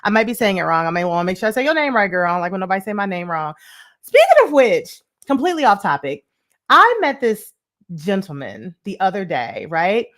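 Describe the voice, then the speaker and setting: A woman's voice: mid-range voice, wildly swooping pitch, a little fast, a bit bright. A woman hosting a live money show, chatting with viewers and greeting them by name, with plenty of laughter. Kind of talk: live-stream chat with viewers.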